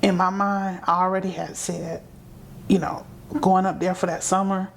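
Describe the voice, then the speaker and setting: A woman with a slightly low voice tells her own story as a guest. She tells it vividly and acts out the dialogue she remembers. Faint ambience sits behind her. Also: little pitch movement, normal speed, vocal fry, slight background noise. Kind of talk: personal storytelling.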